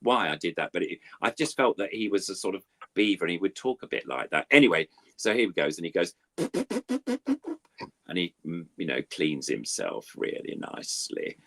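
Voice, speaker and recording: Older puppeteer, deep voice, chatty and self-deprecating storyteller. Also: male voice, animated, moderate pace, gravelly, sharp tone, faint music behind. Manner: rambling, self-deprecating storytelling with many fillers. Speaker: puppeteer guest. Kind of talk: anecdotal interview chat.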